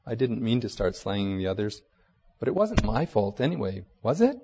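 A man's voice: sing-song, moderate pace, big-room sound, background noise. A man voicing a young girl who is eager and pleading, reading aloud in a sermon. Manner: high, pleading, earnest.

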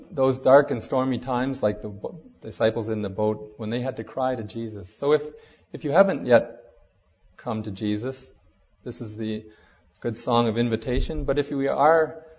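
A man's voice: medium pitch, a little mellow. A male pastor speaks in a plain, mid-range voice, hesitant and informal between his thoughts. He reads aloud and preaches to a seated congregation. A long church reverb follows each phrase. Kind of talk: sermon with storybook reading.

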